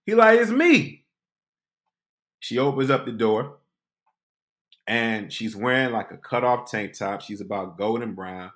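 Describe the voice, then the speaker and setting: A man hosting a podcast, telling a comic personal story with animated delivery, acting out voices. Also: fairly low pitch, unhurried. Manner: animated, acts out voices and quotes. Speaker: podcast host.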